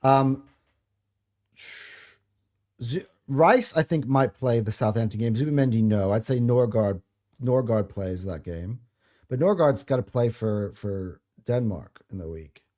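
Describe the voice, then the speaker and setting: A man's voice: medium pitch, a little slow, mellow. A man co-hosting a casual football talk show, hesitant, with lots of ums and short laughs. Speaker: podcast co-host.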